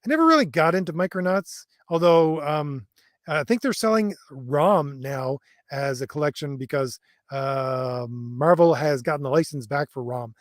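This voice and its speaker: A middle-aged livestream host reads viewer comments at a moderate pace, his slightly high voice expressive as he rambles with fillers and chuckles. The studio-quality audio has no room sound. He remarks that his voice has always been perceived as an old man's.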